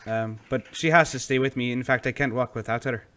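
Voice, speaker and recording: A man playing an aging black-market dealer who talks smoothly and stammers as he ingratiates himself. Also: medium pitch, fairly quick, a bit bright, lightly acted. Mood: smooth, wheedling.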